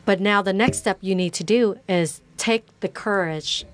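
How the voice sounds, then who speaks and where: A city councilwoman talking as a podcast guest in a casual interview, animated and quick, with many fillers. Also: medium pitch.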